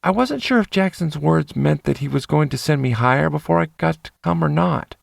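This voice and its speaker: Gravelly husky guy reading a romance audiobook, first person, intimate, dry close mic. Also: medium pitch, no echo. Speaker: audiobook narrator.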